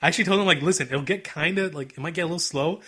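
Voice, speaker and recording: Young male podcast co-host, quick and bright-toned, acts out quotes. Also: fairly high pitch, breathy edge. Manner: animated, acts out scenes in quoted voices. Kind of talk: casual anime chat.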